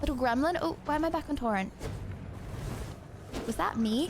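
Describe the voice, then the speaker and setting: A young woman streaming a game, chatty and excitable, talking to her chat with sudden yelps and shouts. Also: high-pitched, fairly quick, long pauses, over loud music. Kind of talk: live gameplay commentary.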